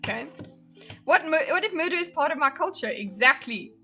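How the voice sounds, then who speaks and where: A woman's voice: high voice, animated, a little fast, sharp tone, soft background music. A woman streamer chatting casually and giggling as she reacts to videos with her viewers. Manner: giggly, chatty, talks to her chat while drawing a diagram. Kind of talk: casual reaction livestream chat.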